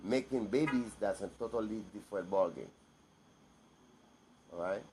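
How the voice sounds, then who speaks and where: A man's voice: on the low side, normal speed, warm tone, a little hiss or hum. Man, vlogger, blunt, emphatic, repeats himself, unscripted monologue.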